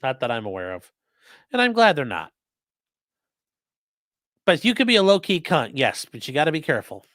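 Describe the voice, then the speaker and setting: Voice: mid-range voice, very animated, moderate pace, long pauses, fairly bright tone, no echo, studio quality. Blunt, profane defense attorney streamer. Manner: casual, blunt and profane, with frequent fillers. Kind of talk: livestream reaction, reading viewer chat aloud.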